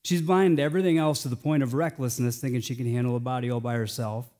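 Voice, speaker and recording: An American male pastor delivering a sermon, swinging between hushed, slowed phrases and loud, emphatic lines. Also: mid-range voice, fairly even intonation.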